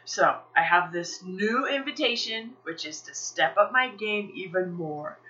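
A woman podcast host telling a personal story in a lively, self-encouraging way, laughing often. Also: lowish voice, measured pace, dull audio.

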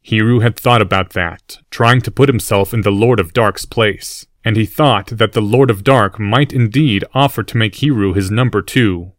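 A male narrator reads a fantasy story in a steady, even storytelling manner. His voice is fairly low, and the recording is dry and close-miked. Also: moderate pace, few pauses, dry recording. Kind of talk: scripted audiobook narration.

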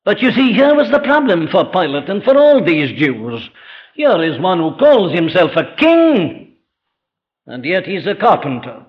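A man with a high-pitched voice delivers an emphatic sermon. He presses his points with rhetorical questions and slows right down on key phrases. The recording sounds dull and lo-fi. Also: wildly swooping pitch. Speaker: preacher.

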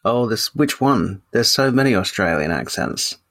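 A playful man jokes his way through a casual podcast chat. His voice is low and gravelly, with a lot of fry in it. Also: expressive, moderate pace, fairly bright tone. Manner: playful, joking.

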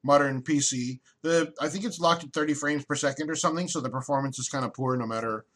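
Male podcast co-host with a crisp, bright tone who rambles, restarts often and airs strong opinions. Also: on the high side, quick pace. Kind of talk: casual chat.

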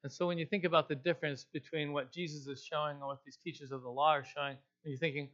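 A man's voice: a little high, fairly even intonation, quick pace, few pauses, a bit bright, highs cut off. A man preaching a sermon in a casual, conversational way, explaining scripture in plain everyday terms. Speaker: pastor.

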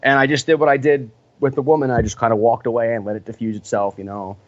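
A man's voice: medium pitch, flat delivery, fast talker, dry recording. A man working as a sports mascot, telling stories in a casual interview, rambling with lots of fillers and laughs. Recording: dull lo-fi recording.

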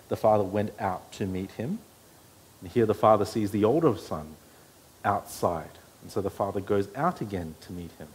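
A man's voice: lowish voice, a little mellow, breathy edge. A pastor preaching an earnest sermon to his church, his voice rising when he quotes scripture.

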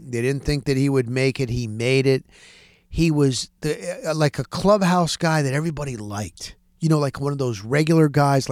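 A man hosting a podcast, telling sports-reporting stories in a casual, animated way and acting out the dialogue. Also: mid-range voice, dry recording, clean studio sound. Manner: animated, acts out quoted dialogue. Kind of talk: casual storytelling.

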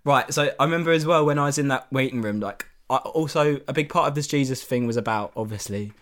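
A man's voice: medium pitch, fast. Young man, casual podcast chat, laid-back, salty language, laughs a lot. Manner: laid-back, swears, laughs often, animated when telling stories.

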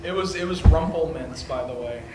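A man chatting casually, drawn out and slow. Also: on the high side, noisy background. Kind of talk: casual chat. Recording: echoey crowded hall.

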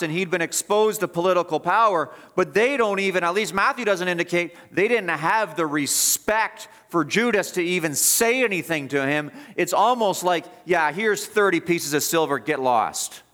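A man's voice: sits high, normal speed, hardly any pauses, fairly bright tone. A man preaching an expository sermon as pastor, emphatic and repeating phrases for stress.

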